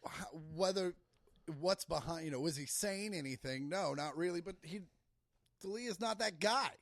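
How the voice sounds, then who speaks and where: A man's voice: high voice, moderate pace, dry recording, studio quality. A man from the Kansas City area, a comedian guest on a podcast, swearing and laughing through casual chat. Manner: loud and laughing, swears often, acts out quotes.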